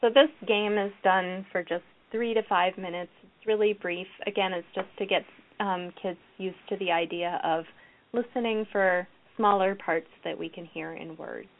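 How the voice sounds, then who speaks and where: A woman gives a recorded lecture for teachers, walking through classroom games and acting them out as she goes. Her voice sits at a middle pitch. The audio is thin and phone-like. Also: fairly even intonation, moderate pace. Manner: explanatory, models classroom activities aloud. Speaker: educator presenting a reading program.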